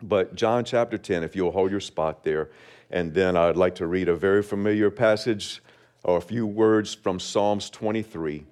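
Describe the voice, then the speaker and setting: Slow-paced male pastor preaching. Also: sits low, darkish tone. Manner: measured preaching, slows on key phrases; leads congregation in responsive reading. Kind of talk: sermon.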